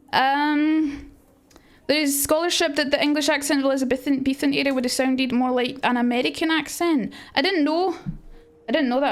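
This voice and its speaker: A young woman with a Scottish accent talks through Shakespeare for her livestream audience in a loose, rambling way. Her voice sits high, and she breaks off often to answer messages from chat. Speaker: streamer teaching Shakespeare to chat. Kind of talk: casual livestream lesson.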